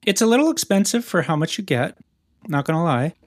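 A man's voice: a little high, sing-song, fairly quick, no room sound, clean studio sound. A man co-hosting a podcast in casual chat, teasing his friend and rambling playfully as he talks. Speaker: podcast co-host.

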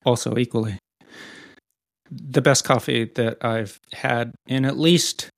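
A man's voice: mid-range voice, fairly even intonation, slow pace, gravelly, dry recording, studio quality. A man co-hosting a podcast in casual chat, teasing his friend and rambling playfully as he talks. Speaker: podcast co-host.

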